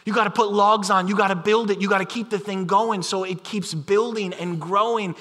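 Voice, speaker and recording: Guy preaching in a big echoey hall, casual and animated, acts out little voices. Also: high voice, normal speed. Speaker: pastor. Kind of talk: sermon.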